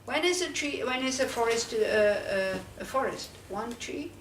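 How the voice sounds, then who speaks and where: A woman's voice: fairly high pitch, expressive, moderate pace, a bit bright, slight background noise. A woman, a Buddhist nun, giving a conversational dharma talk to a small group, asking them question after question. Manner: questioning, conversational, many "you know"s. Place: teaching centre room. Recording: echoey room, speaker far from mic.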